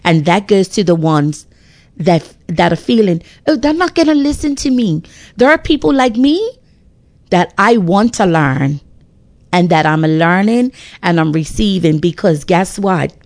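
A middle-aged woman speaks on a radio talk show in a deep, low register. Her delivery is emphatic and preachy, full of faith encouragement and restarts. The sound is dry and close, with no room around it. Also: animated, a little slow, a little mellow, no room sound.

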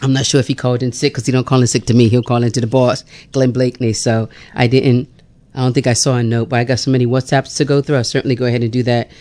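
A woman's voice: rumbling low, flat delivery, fast, mellow. A middle-aged woman hosting a chatty radio show, laughing often between prayers and callers. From Bermuda. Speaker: radio host. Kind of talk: casual radio chat and prayer.

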